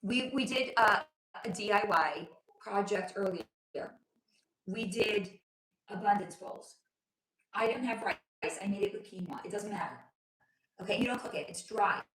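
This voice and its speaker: A woman hosts a casual livestream, reading comments aloud and calling her viewers honey and sweetie, cursing without a second thought. Her voice is hoarse, as if she is losing it, sitting at a middling pitch. The sound bounces around a roomy, echoey space. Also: moderate pace, pauses often, a bit bright, slight background noise. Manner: chatty, calls viewers honey and sweetie, swears freely. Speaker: livestream host. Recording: roomy echo.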